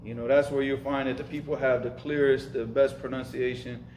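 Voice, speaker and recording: A man's voice: mid-range voice, flat delivery, brisk, a little mellow, reverberant, slight background noise, low-quality recording. A man teaching an informal lesson, speaking casually and emphatically, repeating himself and mixing in Arabic terms. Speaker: Arabic and Islamic studies teacher. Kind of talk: informal lesson with live questions.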